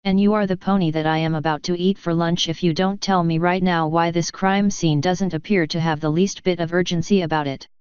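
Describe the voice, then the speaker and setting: A woman's voice: fairly low pitch, fairly even intonation, fairly quick, few pauses, a little mellow, smooth, no echo, close to an everyday voice. A woman voicing a stern, commanding stallion captain who speaks in a clipped, authoritative way. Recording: dry, slightly muffled.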